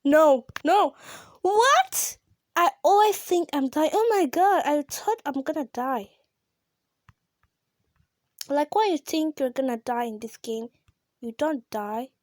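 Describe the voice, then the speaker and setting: Excitable high-voiced female gamer, dry sound. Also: unhurried, pauses often, dry recording. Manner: excitable, gasping, frequent exclamations, talks to viewers; drops to a whisper at times. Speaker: gaming channel host. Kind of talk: excited let's-play commentary.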